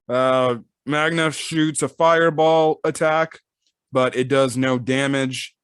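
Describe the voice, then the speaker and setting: A man hosting a casual manga reaction, reading along and breaking into excited exclamations. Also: mid-range voice, takes it slowly, smooth, no room sound, clean studio sound. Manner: excitable, bursts into loud exclamations. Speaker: manga reaction channel host.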